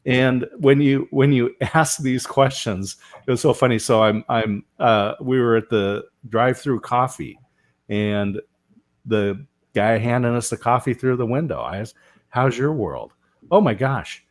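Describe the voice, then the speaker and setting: A man with a mid-range voice and steady tone hosts a live panel talk show at a measured pace. He tells stories and often throws in a rhetorical "right?".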